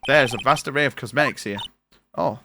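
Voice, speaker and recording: Over a noisy recording, a young man talks casually while streaming a game and voices its on-screen text himself. His voice is mid-range and brisk.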